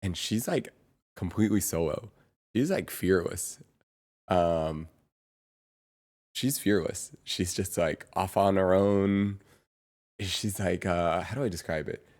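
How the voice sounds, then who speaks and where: Low-voiced man chatting on a livestream. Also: darkish tone. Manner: rambling, halting, many fillers and restarts. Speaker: streamer. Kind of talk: casual live-stream chat.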